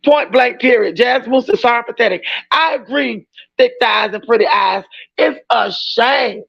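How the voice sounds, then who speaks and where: A woman's voice: a little high, measured pace, vocal fry, breathy edge, dull audio. A woman hosting a casual livestream reaction chat, talking in an emphatic, outspoken way and often raising her voice.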